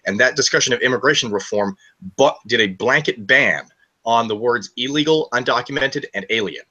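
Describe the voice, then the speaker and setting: A man's voice: medium pitch, fairly quick, sharp tone, muffled recording. A young man telling a long story on a live stream in a casual, profane, ranting way.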